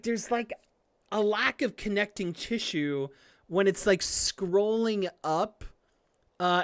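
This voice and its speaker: Chatty streamer gushing over an anime, lots of likes and swearing, jumps high when excited, smooth clean voice. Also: no room sound, studio quality. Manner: rambling and gushing, many "like"s, swears freely; swings into excited high outbursts. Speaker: streamer reacting to an anime episode. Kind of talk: casual live-stream commentary.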